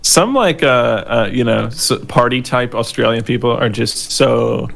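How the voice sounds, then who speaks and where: A man's voice: medium pitch, unhurried, vocal fry, fairly bright tone. A young man in his twenties co-hosting a podcast, rambling and sarcastic, swearing freely in casual banter. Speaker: podcast co-host. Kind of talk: casual chat.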